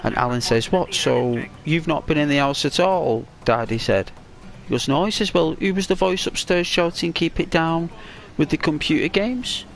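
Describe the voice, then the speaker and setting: A man casually telling a rambling, halting story while commenting on a video game. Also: a little high, vocal fry. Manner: rambling, halting, excitable when retelling. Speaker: gaming commentator. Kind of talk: casual storytelling over gameplay.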